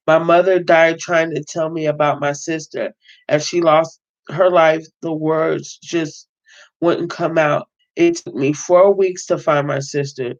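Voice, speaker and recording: A woman with a low voice reads a novel aloud at a measured pace with fairly even intonation, hosting a casual book reading. She interrupts with blunt, emphatic comments, talks back to the text and swears freely, and the audio is dull and lo-fi.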